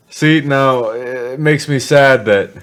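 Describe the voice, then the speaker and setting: A man's voice: mid-range voice, extremely slow, clear, resonant tone. A man in casual podcast chat who talks bluntly and swears freely. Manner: profane, blunt, sardonic.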